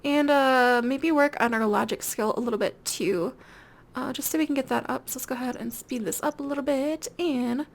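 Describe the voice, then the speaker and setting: A woman's voice: high voice, normal speed, creaky. A young woman giving casual, rambling commentary over a life-sim game, chatty and giggly with lots of fillers. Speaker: gameplay video host. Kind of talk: casual let's-play commentary.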